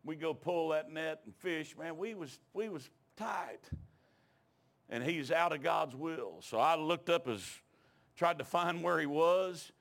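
A middle-aged man preaching, telling a personal story in a folksy, emotional way that rises into shouted preaching. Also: a little high. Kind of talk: storytelling sermon.

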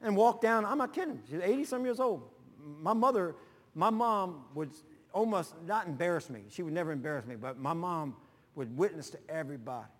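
Pastor guy preaching, folksy stories, gets loud all of a sudden, kinda high voice, big hall echo. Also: brisk. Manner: folksy, animated storytelling with sudden loud bursts. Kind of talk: sermon with personal stories.

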